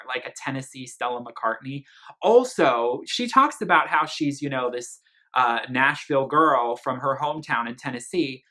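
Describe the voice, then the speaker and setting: A man from Philadelphia talks through an album in a loose, gossipy way, dropping "like" and "girl" into nearly every line. His voice is bright and a little pressed. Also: mid-range voice, animated, moderate pace. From Philadelphia, Pennsylvania. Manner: chatty and gossipy, full of "like" and "girl". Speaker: music reviewer. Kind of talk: casual album review vlog.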